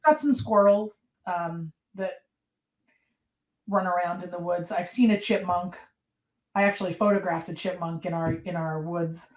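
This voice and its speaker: A woman being interviewed on a podcast, telling her stories in a lively way and acting out what people said, often with a laugh. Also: on the low side, unhurried, reverberant, low-quality recording. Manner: lively storyteller who acts out quotes and laughs often. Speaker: podcast guest. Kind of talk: casual interview storytelling.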